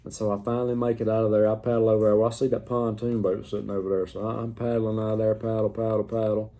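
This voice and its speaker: A man's voice: fairly low pitch, fast. A middle-aged man, casually telling a story to the camera in a drawling, folksy way. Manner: drawling, folksy, animated retelling.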